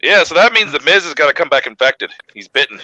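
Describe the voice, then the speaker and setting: Brash joking man, bright voice. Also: on the high side, sing-song, fast. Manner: loud, joking, crude and mock-outraged. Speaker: podcast co-host. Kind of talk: casual wrestling podcast banter.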